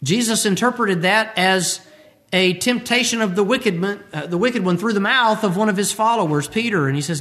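A man's voice: sits high, moderate pace, fairly bright tone. A tired male preacher giving a sermon, who acts out the scripture quotes he tells.

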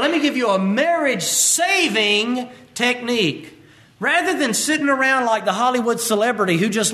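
Male preacher, high voice, emphatic sermon delivery with repeated lines. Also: sharp tone. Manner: emphatic, repeats key lines, quotes scripture.

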